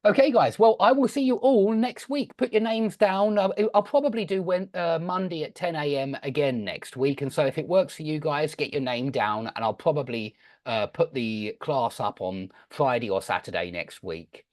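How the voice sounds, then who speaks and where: A man's voice: fairly high pitch, normal speed, few pauses, a little mellow, dry recording. A man from the south of England with a Southeast English accent close to RP, chatting and explaining words to an online class with many restarts, heard over a video call. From Southend, Essex, England. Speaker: English teacher. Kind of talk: online group class talk.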